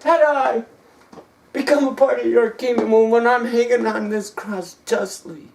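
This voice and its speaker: Brief: a desperate condemned robber, pleading and insistent, slow delivery, as a preacher puts him on. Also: mid-range voice, fairly even intonation, creaky, distant mic, a little hiss or hum. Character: repentant robber on a cross, male.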